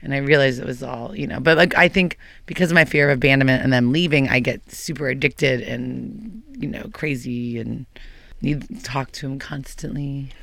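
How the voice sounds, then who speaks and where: A woman's voice: a bass voice, fairly even intonation, normal speed, vocal fry, a bit bright, no echo. A woman talking candidly as a guest, rambling in a hyper, restless way, recorded on a dry close mic. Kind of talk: candid personal talk.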